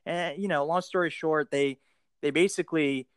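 A man with an American accent hosting a casual podcast interview, friendly and quick to laugh, with plenty of fillers. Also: a little high, steady tone, smooth, no echo. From United States. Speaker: podcast host.

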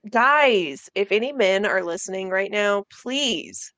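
A woman's voice: mid-range voice, lively intonation, slow pace, fairly bright tone, dry recording. A young woman in a casual book chat, speaking earnestly and with emphasis. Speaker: podcast co-host.

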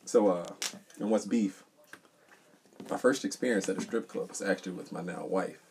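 Male podcast co-host, low and gravelly, animated joker. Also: moderate pace, a little hiss or hum. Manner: animated, joking storyteller. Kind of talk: casual chat.

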